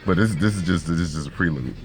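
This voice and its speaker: Man with a low voice, casual storytelling monologue, slangy and profane. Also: fast talker, faint music behind. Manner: laid-back slangy and profane, frequent restarts.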